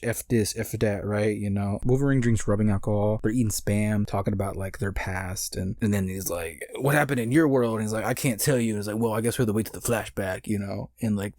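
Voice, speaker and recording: Young guy, casual reviewer, rambling chatty recap, average pitch, dry close mic. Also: warm tone, no echo. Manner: rambling, loose, many fillers and restarts. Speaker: movie reviewer.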